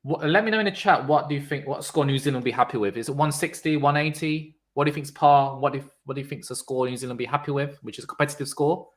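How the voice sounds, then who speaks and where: Now the cricket streamer talks fast in a medium pitch, barely pausing. He shouts his reactions to the play while chatting with viewers.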